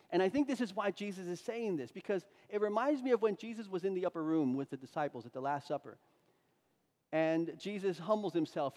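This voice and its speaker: A man with a high, light voice delivers a sermon, walking through scripture and then pressing his points home with rising emphasis. His words ring out with a long reverb, as in a large hall. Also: darkish tone. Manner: expository preaching with rising emphasis and dramatic quoted voices. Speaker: pastor.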